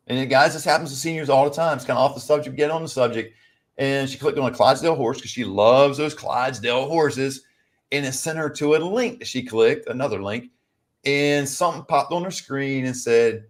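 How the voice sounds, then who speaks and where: A man of ordinary middle pitch talks through a casual advice chat. He rambles, restarts and keeps turning to the viewers with "guys". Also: a little fast. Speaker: co-host. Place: lives in California.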